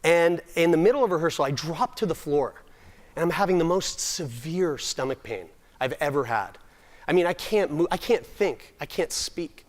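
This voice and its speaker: A man's voice: a little high, animated, moderate pace. Self-mocking young man telling stories on stage. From Nova Scotia, Canada. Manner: self-deprecating, comic timing, frequent restarts. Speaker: summit speaker. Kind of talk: humorous personal storytelling talk.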